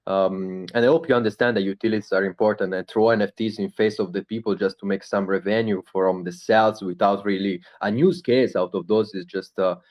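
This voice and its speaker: Italian-accented man, halting speech. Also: on the low side, steady tone, a little mellow. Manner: halting, searching for English words, many fillers. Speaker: project founder answering questions. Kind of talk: casual live Q&A talk.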